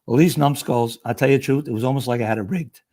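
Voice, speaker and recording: A middle-aged retired fire lieutenant, guesting on a podcast, tells stories in a medium-pitched voice at a quick pace. It's casual storytelling, and he animatedly acts out the voices of the people involved.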